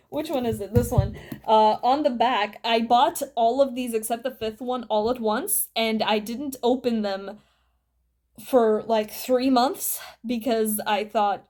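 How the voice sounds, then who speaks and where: A woman's voice: a little high, steady tone, unhurried, darkish tone. A woman talking casually to her camera at home, chatty and rambling, swearing freely as she shows off her books. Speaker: vlogger. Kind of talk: casual show-and-tell vlog.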